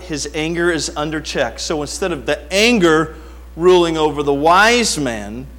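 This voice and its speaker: A middle-aged man preaching a sermon, telling stories with animated swings from quiet asides to near-shouting. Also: fairly high pitch. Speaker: pastor.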